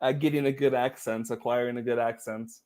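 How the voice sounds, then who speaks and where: A man hosting a live-streamed podcast, chatty and quick to laugh as he talks to his guest and viewers. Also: mid-range voice, fairly even intonation, noisy background. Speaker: podcast host. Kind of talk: live-streamed casual interview.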